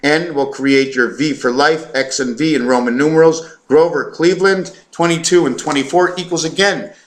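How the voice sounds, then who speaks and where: A man talking to camera in a rambling monologue, stumbling over his words, correcting himself and reeling off long strings of numbers. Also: a little high. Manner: hesitant, stumbling, full of fillers and self-corrections; fast, run-on counting and reciting of numbers. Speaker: vlogger.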